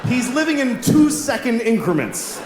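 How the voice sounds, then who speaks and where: Middle aged guy doing standup, exasperated and swearing, pitch all over the place, echoey club. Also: normal speed, background noise. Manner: animated, exasperated storytelling with cursing. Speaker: stand-up comedian. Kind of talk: stand-up routine.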